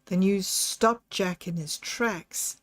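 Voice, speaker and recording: A woman narrating a novel aloud in a slow, measured storytelling voice. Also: mid-range voice, no echo. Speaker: audiobook narrator. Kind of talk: scripted narration.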